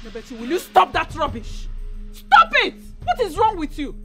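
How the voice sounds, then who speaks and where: An actress with a Nigerian accent playing a mother who loudly and indignantly confronts a rival woman. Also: sits high, sing-song, brisk, faint music behind. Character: mother accused, indignant and defiant.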